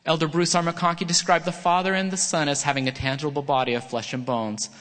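A man's voice: a little high, flat delivery, quick pace, fairly bright tone. Earnest middle-aged man preaching in a reverberant hall. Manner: earnest, reads from a prepared text with small slips. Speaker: church speaker. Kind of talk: prepared sermon talk. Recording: long reverb of a large hall.

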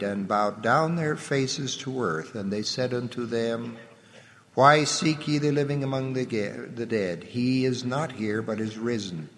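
A man giving a solemn, measured scripture reading, letting his voice drop at the ends of phrases. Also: medium pitch, fairly bright tone. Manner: measured, reverent delivery with the voice dropping at phrase ends. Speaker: scripture reader. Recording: long hall reverb.

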